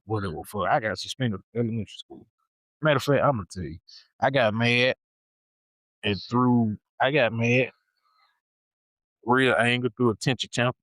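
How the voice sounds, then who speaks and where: A young man on a podcast, spinning a loose, animated tale full of slang and repetition. His voice sits at an ordinary middle pitch, and the sound is close and dry with no room echo. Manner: animated, slangy, repeats himself. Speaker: podcast host. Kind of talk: casual storytelling.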